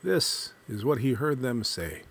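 Slow, husky male storyteller. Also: medium pitch, expressive, fairly bright tone. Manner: measured, deliberate storytelling cadence. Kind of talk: folk tale reading.

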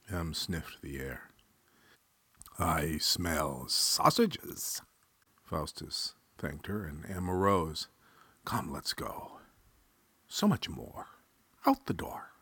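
A man reading a dramatic story aloud in a measured, expressive way. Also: deep voice, no echo.

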